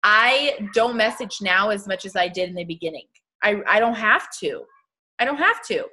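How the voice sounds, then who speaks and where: A woman's voice: medium pitch, lively intonation, normal speed, sharp tone. A young woman hosting a casual motivational live stream for her sales team, chatty and upbeat, laughing often.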